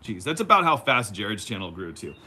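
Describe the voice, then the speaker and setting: A middle-aged man talks casually on a live stream, full of rambling asides and self-teasing jokes. His voice is bright and lively, swinging up and down a wide range. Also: lowish voice, a little fast, slight background noise. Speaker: YouTube vlogger hosting a live stream. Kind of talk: casual live-stream chat, reading viewer comments.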